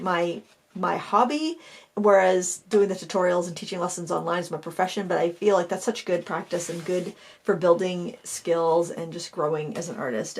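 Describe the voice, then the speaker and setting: A middle-aged woman hosting an art channel, chatting casually as she pages through a sketchbook, with fillers and self-corrections. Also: on the low side.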